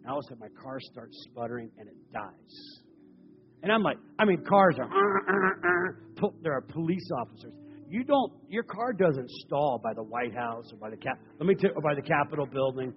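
A man preaching a sermon, telling stories in an animated way that swings between loud passages and hushed ones. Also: fairly high pitch, moderate pace, in a large hall, muffled recording, faint music behind.

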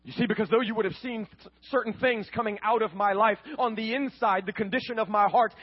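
A man's voice: high-pitched, fairly even intonation, a little fast, hardly any pauses, husky, dull audio. A man telling his faith testimony as a sermon, earnest and storytelling, often repeating words.

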